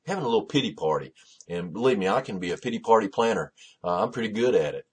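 A man's voice: mid-range voice, animated, quick pace, slightly rough. A man preaching a sermon in a conversational, repetitive way, with many restarts, who rises to fervent emphasis.

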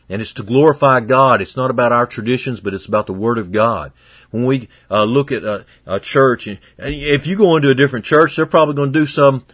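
A man preaching a sermon in a folksy, conversational way, swinging between loud and hushed. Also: medium pitch, husky, no room sound, clean studio sound.

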